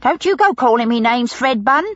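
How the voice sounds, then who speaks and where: A woman's voice: mid-range voice, big pitch swings, normal speed, husky, no room sound, lo-fi sound. Woman voicing a tart lodger woman. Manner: tart, indignant. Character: brash large blonde London landlady-lodger woman.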